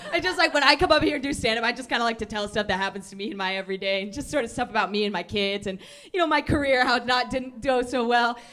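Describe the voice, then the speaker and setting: High, giggly rambling woman comic. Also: fast. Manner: rambling, giggly, deadpan-absurd. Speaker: stand-up comic. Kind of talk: stand-up set. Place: small comedy club stage. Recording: live club crowd audible. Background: audience laughter.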